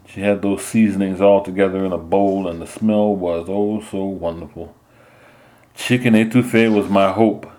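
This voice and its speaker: A man narrating a first-person story in a measured storytelling manner. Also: deep voice, darkish tone. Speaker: audiobook narrator.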